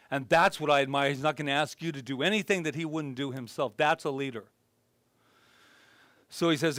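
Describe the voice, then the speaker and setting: A male minister giving a conversational sermon, telling self-deprecating, humorous stories and swinging between loud bursts and hushed earnest moments. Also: fairly high pitch, brisk, no echo.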